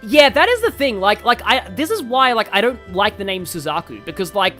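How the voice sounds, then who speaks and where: A woman's voice: mid-range voice, sing-song, brisk, few pauses, a bit bright, faint music behind. Aussie woman streaming, rambly, lots of ums, voice bouncing all over. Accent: Australian. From Australia. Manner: chatty, rambling, many fillers. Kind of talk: casual live-stream commentary.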